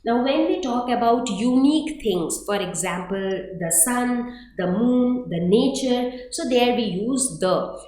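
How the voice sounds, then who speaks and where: Woman teacher in a very echoey room. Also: fairly high pitch. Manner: patient, repetitive, asks rhetorical "right?". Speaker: English teacher. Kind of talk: grammar lesson explanation. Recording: very echoey room, mic far off.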